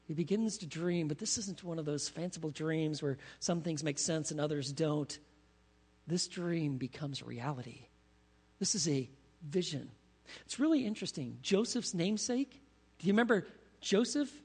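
A man preaching a sermon as pastor, animated, asking his congregation questions as he teaches. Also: a little high, moderate pace, breathy edge. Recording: long reverb of a large hall.

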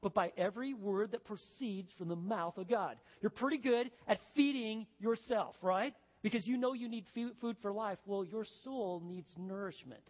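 Pastor guy preaching in a big echoey church, folksy stories, gets loud then real quiet, kinda muffled sound. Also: high voice. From Texas. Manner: lively storytelling, folksy asides, swings from loud to hushed. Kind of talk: sermon. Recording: dull, echoey hall recording.

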